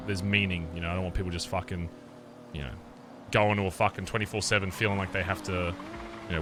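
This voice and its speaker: A man's voice: lowish voice, noisy background. A man talking in character as a biker club leader in an online role-play game, rambling and swearing freely as he lays out his plans. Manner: profane, rambling, fired-up pep talk.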